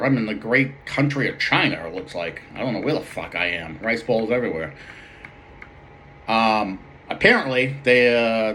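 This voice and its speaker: A man's voice: mid-range voice, a bit bright, a little hiss or hum. A young man with a Boston accent telling a rambling, profane barroom story as a comic character monologue. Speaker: comedic storyteller.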